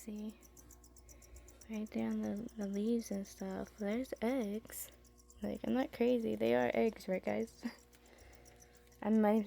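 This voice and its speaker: A woman chatting casually in a home basement as she shows her pet tarantulas. She rambles, trails off mid-sentence and coos softly at her animals. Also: medium pitch, creaky. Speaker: pet keeper showing her tarantulas and fish. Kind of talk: casual vlog chat.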